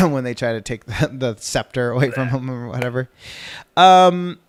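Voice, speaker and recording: A man's voice: mid-range voice, normal speed, no echo, clean studio sound. A man in his thirties co-hosting a casual podcast from home, rambling and cutting himself off, cursing when flustered. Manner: rambling, self-interrupting, swears when flustered. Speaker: podcast co-host.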